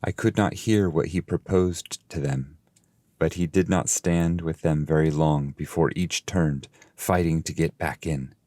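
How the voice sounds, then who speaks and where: A man, the translator, narrating his verse translation in a steady, measured audiobook reading. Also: rumbling low, no echo. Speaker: translator and reader.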